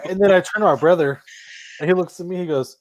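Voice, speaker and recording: A man's voice: high-pitched, fast, no room sound. A man hosting a casual podcast chat, telling funny stories with lots of laughter and swearing. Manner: animated storyteller, swears and laughs often. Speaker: podcast host.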